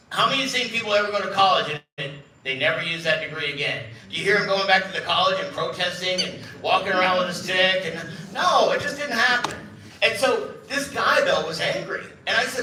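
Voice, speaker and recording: Middle-aged guy giving a talk on stage, bright pushy voice, jokes around, acts out people in his stories, echoey room, mic kinda far. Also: high voice, expressive, fast, slight background noise. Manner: joking, storytelling, acts out quoted voices. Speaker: company CEO giving a talk. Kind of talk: live event speech. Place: large event room.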